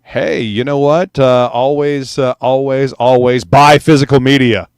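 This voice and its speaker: A man's voice: mid-range voice, steady tone, unhurried, clean tone, no room sound. Man ranting casually, lots of swearing. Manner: profane, rambling with many fillers. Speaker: host. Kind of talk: casual livestream chat.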